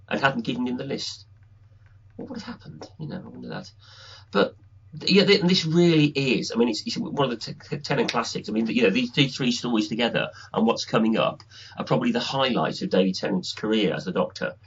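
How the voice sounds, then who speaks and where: A man co-hosting a podcast, reviewing an episode in a rambling, halting way. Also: mid-range voice, creaky, husky, lo-fi sound. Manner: rambling, halting, restarts a lot. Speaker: podcast co-host. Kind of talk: casual review chat.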